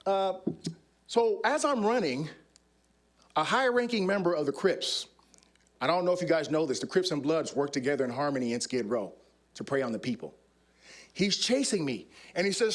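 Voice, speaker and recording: A man speaks to a conference audience and acts out his scenes as he tells them. His voice sits somewhat high and swings up and down with energy. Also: lively intonation, normal speed, long pauses. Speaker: former undercover police officer, conference speaker. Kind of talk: animated storytelling talk. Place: conference stage.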